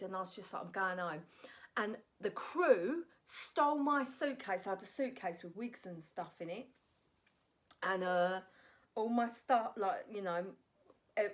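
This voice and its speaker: A woman, a stand-up comic and actress, telling a candid personal story to her phone camera in a blunt, animated way, often tagging "right?" onto her lines. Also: mid-range voice.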